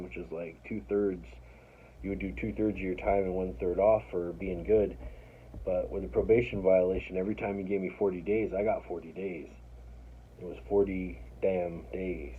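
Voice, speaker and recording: A man telling his own story in a casual, rambling, profane way, full of restarts and self-mockery. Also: low-pitched. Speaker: storyteller recounting his life. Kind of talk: casual first-person storytelling. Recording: tinny phone-like audio with faint noise.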